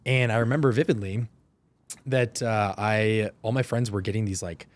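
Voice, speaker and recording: A man in his thirties from Oregon, a podcast guest telling animated stories in casual chat. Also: on the low side. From Oregon, USA. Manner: animated storyteller, quick and chatty.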